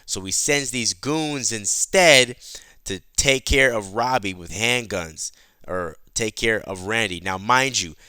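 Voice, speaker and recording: Chatty man recapping comics, bright crisp voice. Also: mid-range voice, no echo, clean studio sound. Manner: chatty, animated storyteller. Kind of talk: casual comic book recap.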